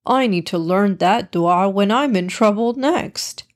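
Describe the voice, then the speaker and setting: A woman's voice: medium pitch, unhurried, natural voice. A woman voicing an anxious, tired young male bat who rambles worried prayers.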